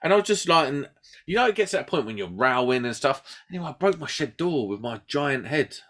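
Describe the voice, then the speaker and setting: British man, podcast co-host, lively pitch, raised-voice storytelling, casual chat. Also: brisk. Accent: British English. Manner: animated storyteller, acts out quotes loudly.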